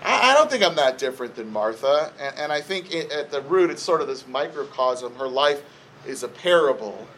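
A man's voice: a little high, normal speed, slight background noise, rough recording. Conversational man preaching a sermon. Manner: conversational, animated retellings with repeated restarts. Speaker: pastor. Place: church.

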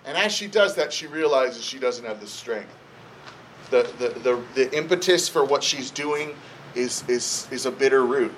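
A pastor, a man, preaching a sermon in a church in a conversational way, with lively retellings and frequent restarts. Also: medium pitch, normal speed, a little hiss or hum, poor audio.

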